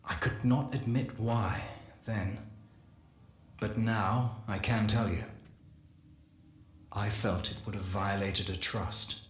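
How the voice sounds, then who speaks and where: A man giving a dramatic first-person story reading, slow and measured with deliberate pauses. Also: on the low side, fairly even intonation. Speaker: lore reader. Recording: echoey room.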